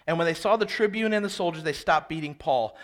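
A man preaching an expository sermon, reading scripture aloud and then explaining it with animated, dramatic emphasis. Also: fairly high pitch, fast talker. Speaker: pastor.

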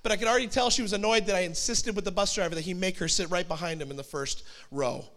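A pastor in his forties delivers a sermon in a high, light male voice. He tells it like a story, chatty and conversational, with quick asides. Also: steady tone, fairly bright tone.

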